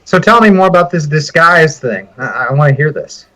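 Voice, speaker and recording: A man's voice: on the high side, big pitch swings, normal speed, sharp tone, dry recording, rough recording. A man acting as game master, describing the scene with comic detail. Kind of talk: narrating a tabletop game.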